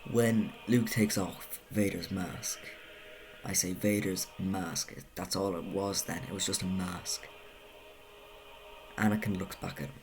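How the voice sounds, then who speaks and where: A man's voice: low-pitched, steady tone, measured pace, slight background noise. A man narrating a casual video essay, talking conversationally with self-correcting asides. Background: music.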